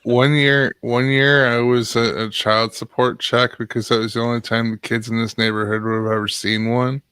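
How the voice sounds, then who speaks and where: A man's voice: mid-range voice, little pitch movement, moderate pace, bright, forceful tone, smooth, no echo. A man in his thirties telling rambling anecdotes in casual chat, full of fillers.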